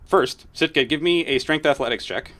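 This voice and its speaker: A man's voice: fairly high pitch, normal speed, fairly bright tone, a little hiss or hum. A man running a tabletop game as dungeon master, narrating in a casual way and laughing now and then.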